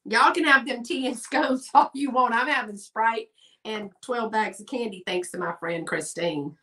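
Folksy woman host, bright and a little high, recorded a bit off-mic. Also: moderate pace, recorded from a distance. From Texas. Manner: chatty, folksy, talks to viewers in chat. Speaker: live sale host. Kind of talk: casual live-stream selling chat.

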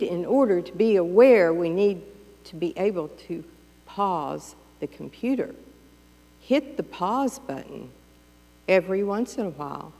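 A woman's voice: medium pitch, vocal fry, mellow, in a large hall. A woman pastor giving a sermon in a conversational, playful way, acting out the voices of everyday thoughts. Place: church sanctuary.

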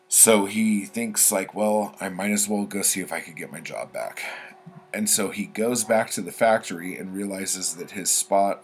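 A man's voice: sits low, slight background noise. A man casually retelling a horror story for his book vlog, rambling with lots of fillers and the odd swear word. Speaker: book vlogger. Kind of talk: casual spoken book summary.

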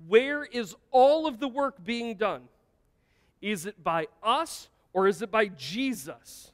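A man's voice: sits high, animated, moderate pace. A man preaching a sermon as pastor, earnest and emphatic, asking the congregation rhetorical questions. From United States. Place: church sanctuary. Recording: long church-hall reverb.

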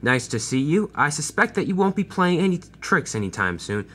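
A man's voice: on the high side, sing-song, a little fast, fairly bright tone, husky, pitched above the performer's own voice, full character voice. A man voicing a bossy railway controller who talks brusquely and impatiently. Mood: stern.

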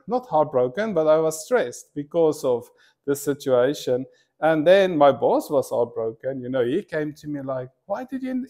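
A man's voice: a little high, warm tone. A male pastor giving a sermon in a casual, storytelling way, with many fillers and asides. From from abroad, not from Korea.

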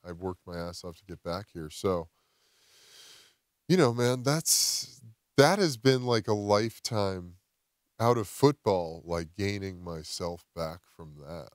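A man, a podcast guest, telling a personal story outdoors in casual chat, animated and swearing freely. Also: deep voice, slow pace, no room sound, studio quality. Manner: animated, swears a lot, acts out quotes. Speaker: podcast guest, former football player.

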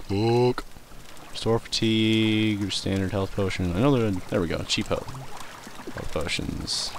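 Young man, deep voice, rambling gameplay commentary, swears a lot, noisy recording. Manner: rambling, swears, reacts loudly to the game. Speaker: let's play host.

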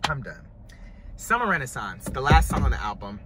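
A man talking in a dramatic, gushing reaction vlog, his voice hoarse from screaming. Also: mid-range voice, very animated, moderate pace, fairly bright tone. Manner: dramatic, gushing, over-the-top. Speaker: music reviewer.

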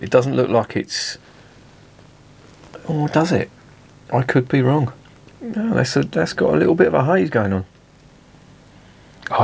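A middle-aged man, chatting casually through a beer review. He rambles off topic and swears freely. His voice sits at an ordinary middle pitch. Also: creaky, slightly rough.

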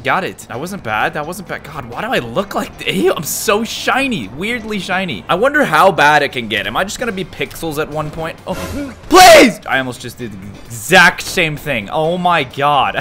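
A young man commentates a video game in a bright, fairly high voice that leaps all over the place. He mutters to himself one moment and yelps or shouts the next, laughing along the way. Soft music plays faintly behind him. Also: expressive, normal speed, hardly any pauses. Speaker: gaming YouTuber. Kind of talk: excitable gameplay commentary.

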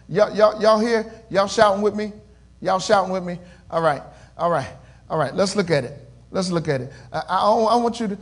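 A man preaching a sermon in call-and-response style, swinging between loud swells and quiet murmurs. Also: sits high. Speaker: pastor.

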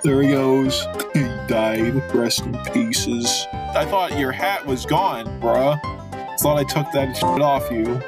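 Goofy, slow-talking young gamer man. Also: medium pitch, over loud music. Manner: goofy, excitable, jokey trash talk. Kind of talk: let's play commentary.

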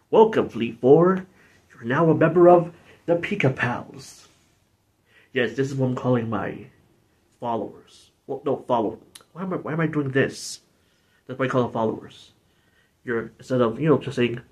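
A man hosting a video game playthrough in a rambling, giggly, self-deprecating way. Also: medium pitch. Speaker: let's play host. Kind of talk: casual gameplay commentary.

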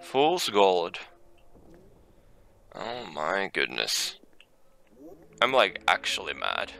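A man's voice: sits low, huge pitch swings, very slow, vocal fry, pushed and bright. A man giving casual commentary on a game he is playing, swearing often, making frustrated outbursts and reading item text aloud. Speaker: let's play gamer.

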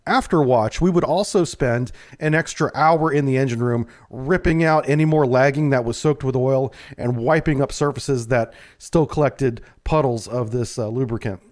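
A man, a navy submarine veteran, telling a first-person true story in a calm, measured way. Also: medium pitch.

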